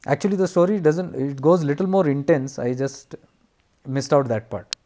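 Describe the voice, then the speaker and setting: A man, a spiritual teacher telling a devotional story in an earnest, unhurried way with emphatic repetitions. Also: a little high, dark tone.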